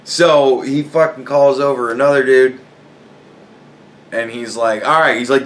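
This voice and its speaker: A man's voice: mid-range voice, normal speed. A man casually telling a funny story from work, swearing often and breaking into laughter as he goes. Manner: profane, animated, laughing a lot while telling. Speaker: podcast host.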